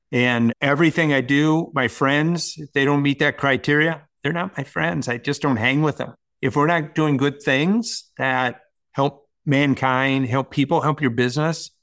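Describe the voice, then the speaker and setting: A man's voice: mid-range voice, a bit bright. A man as a podcast guest, telling an emotional personal story in an earnest, heartfelt way.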